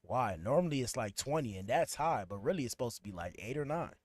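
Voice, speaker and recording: A man's voice: mid-range voice, animated, fast, darkish tone, dry recording, studio quality. A man hosting a podcast livestream, talking loosely with his chat while he fixes his stream. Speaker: podcast host. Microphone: streaming setup at a computer.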